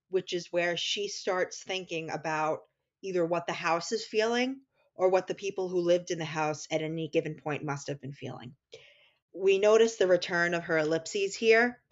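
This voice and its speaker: New York woman talking books, lo-fi. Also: fairly low pitch. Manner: animated, explanatory, laughs at own slips. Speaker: podcast co-host. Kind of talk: casual literary discussion.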